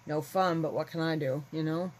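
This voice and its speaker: A woman's voice: low voice, fairly even intonation, normal speed, poor audio. A woman chatting casually to her viewers, rambling and candid. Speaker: vlogger. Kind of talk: casual chat to camera.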